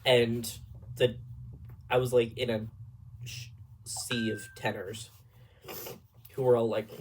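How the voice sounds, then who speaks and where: Young male vlogger, husky breathy tone, rambling animated storyteller with whispered asides. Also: mid-range voice, takes it slowly, pauses often. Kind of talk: casual storytelling vlog.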